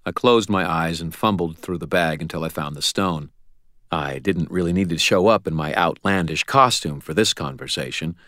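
A man's voice: very deep voice, a bit bright, no echo. A man narrating a first-person audiobook with wry, dry storytelling.

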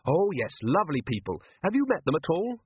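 A man reading an audiobook voices an eager, cheerful young watch captain with a bright, polite and earnest manner. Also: on the high side, very animated, fairly quick, slightly rough, no echo, pitched above the performer's own voice, heavily acted. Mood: cheery. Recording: tinny phone-like line, dry.

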